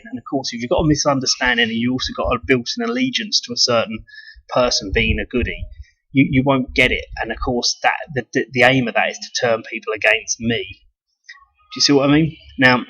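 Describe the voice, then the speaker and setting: Forceful and bright, with a slightly rough medium-pitched voice, this British man speaks fairly quickly. He's a video blogger chatting casually in a meandering monologue, swearing and restarting sentences, on a dull lo-fi recording.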